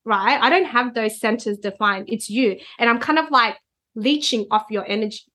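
A woman's voice: on the high side, moderate pace, pushed and bright. A woman, a guest reader, explaining concepts in a conversational chat and often checking in with "right?". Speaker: Human Design reader, guest.

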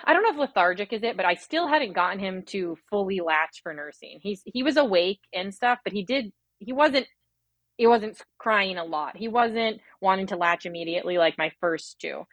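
Recounting her birth story, a thirty-something woman rambles fast and from the heart, piling on fillers and voicing her own thoughts aloud. Her mid-range voice is expressive and a bit bright in a dry recording.

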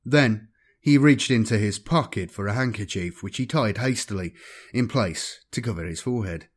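A man's voice: fairly low pitch, normal speed, slightly rough. Man narrating sci-fi audiobook. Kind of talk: scripted narration.

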